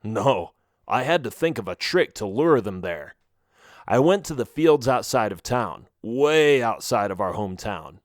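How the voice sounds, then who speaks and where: A man's voice: medium pitch, dry recording, studio quality. A man reading an audiobook, voicing an upbeat young male friend in a mining adventure. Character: bold young male miner friend, eager. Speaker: audiobook reader. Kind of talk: audiobook character voice.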